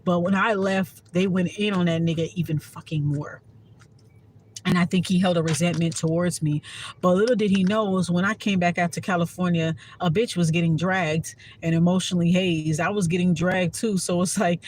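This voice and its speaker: A woman's voice: on the low side, steady tone, moderate pace, darkish tone, a little hiss or hum. Woman, spiritual vlogger, casual monologue, profane, heartfelt, emphatic. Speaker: spiritual content creator.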